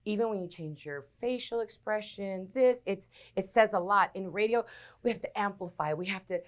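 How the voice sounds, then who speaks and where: Woman radio personality guest, mid voice, animated storyteller chatting. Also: mid-range voice, normal speed. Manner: animated storyteller, acts out quotes. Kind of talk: casual interview chat.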